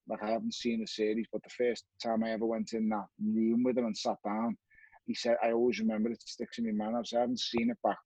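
A man's voice: lowish voice, darkish tone, breathy edge, no room sound, rough recording. A man, a former boxer, telling his story as a guest with blunt, frequent swearing and acted-out dialogue. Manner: blunt, swears often, acts out remembered dialogue. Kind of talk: candid conversational storytelling.

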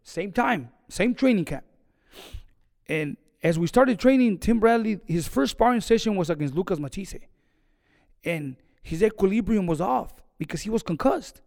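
A boxing trainer telling a story in an interview, animated and acting out the conversations he recalls. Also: high voice, moderate pace, vocal fry, long reverb tail.

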